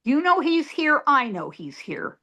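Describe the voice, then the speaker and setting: A woman's voice: high-pitched, sing-song, a little slow, pushed and bright, muffled recording. A middle-aged woman, a psychic medium, telling a story as an interview guest in an emphatic way, repeating words for effect.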